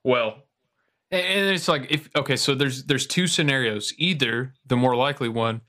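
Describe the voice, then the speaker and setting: Brief: male podcast host, mid pitch, mocking and foul-mouthed banter. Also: moderate pace, bright, forceful tone. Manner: sarcastic, swears, laughs a lot. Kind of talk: casual chat.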